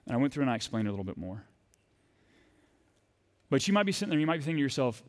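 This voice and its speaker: A man's voice: mid-range voice, expressive, fast talker, long pauses, a little mellow. A male pastor in his thirties preaching a sermon in a conversational, storytelling way that rises to fervent emphasis.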